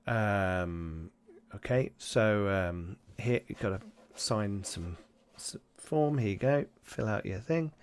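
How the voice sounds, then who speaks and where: A man narrating as game master in a tabletop role-playing session, relaxed and hesitant, with many pauses. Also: lowish voice, smooth.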